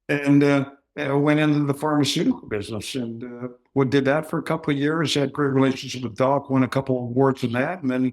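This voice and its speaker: A man in his sixties spins loose, joking anecdotes as a podcast guest. He slips into other people's voices for the punchlines, mid-pitched and easygoing. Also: fairly quick. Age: 60s. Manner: jokey, animated storyteller acting out quoted voices. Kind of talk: casual storytelling.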